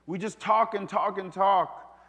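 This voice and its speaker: A man delivers a sermon with a high-pitched voice, swinging from loud, emphatic calls to hushed, confiding asides. The sound carries the long reverb of a large hall. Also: a little slow. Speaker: pastor.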